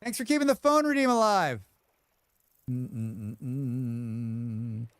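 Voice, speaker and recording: A man's voice: fairly high pitch, lively intonation, normal speed, clean tone, no echo, clean studio sound. A man livestreaming a game, chatting casually with viewers, humming and thanking them as he plays. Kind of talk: casual livestream chat while gaming.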